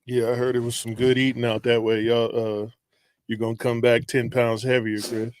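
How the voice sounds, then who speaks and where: A man's voice: medium pitch, little pitch movement, normal speed, no room sound. A man co-hosting a casual talk show, giving short laid-back replies. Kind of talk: casual chat.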